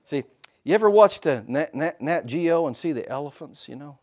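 Animated preaching man. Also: on the high side, normal speed. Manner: animated preaching, swinging from hushed to loud; asks the congregation for responses. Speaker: pastor. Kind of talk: sermon.

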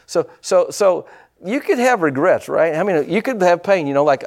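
Male pastor, middle-aged, folksy and blunt, a touch high with a gravelly edge. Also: lively intonation, moderate pace, darkish tone. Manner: folksy, blunt preaching with quoted asides. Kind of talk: sermon.

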